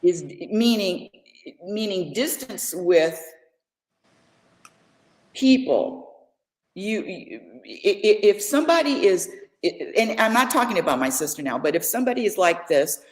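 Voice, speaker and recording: An older woman telling stories in a casual chat, joking and animated, often repeating her words. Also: mid-range voice, a little slow. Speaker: podcast co-host, mother. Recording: echoey room.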